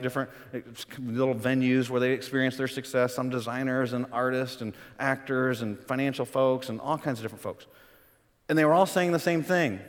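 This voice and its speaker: A man preaching a sermon as pastor, conversational and animated, acting out quoted voices. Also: mid-range voice, long reverb tail.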